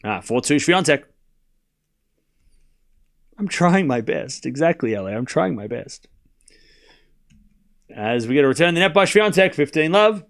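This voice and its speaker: A man's voice: on the high side, very animated, unhurried, creaky, long pauses. A young Australian man hosting a casual live tennis watchalong, rambling between score calls. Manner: rambling and chatty, calling scores between asides. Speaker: host doing live tennis commentary. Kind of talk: casual live-stream commentary.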